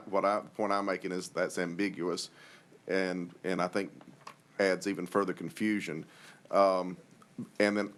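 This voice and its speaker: A man's voice: deep voice, fairly bright tone. A man on a school board, thinking aloud at a public meeting with frequent restarts.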